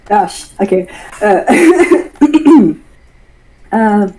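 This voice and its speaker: A woman's voice: mid-range voice, lively intonation, extremely slow, pauses often, dark tone, rough recording. A woman playing a tabletop game, shy and flustered when she introduces her character. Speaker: player. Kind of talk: casual tabletop play.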